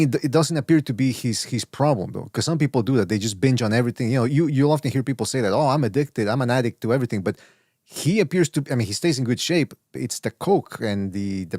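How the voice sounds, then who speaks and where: A man's voice: medium pitch, darkish tone, dry recording, clean studio sound. A man hosting a boxing podcast in casual chat, rambling with many restarts. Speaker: podcast host.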